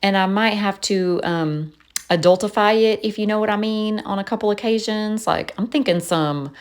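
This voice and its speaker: A woman's voice: mid-range voice, moderate pace, clear, resonant tone. A woman chatting casually in a voice-over, telling stories and laughing often. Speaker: planner vlogger.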